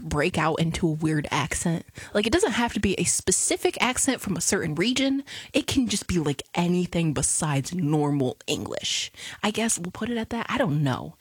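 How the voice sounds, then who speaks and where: A young woman radio DJ chatting casually between songs, animated and self-mocking. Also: fairly high pitch, breathy edge, no echo.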